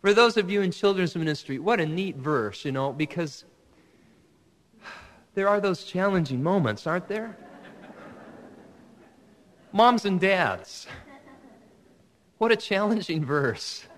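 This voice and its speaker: Earnest pastor preaching in a reverberant hall. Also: male voice, high voice, lively intonation, normal speed. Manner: earnest, building to emphatic exhortation. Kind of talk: sermon. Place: church sanctuary.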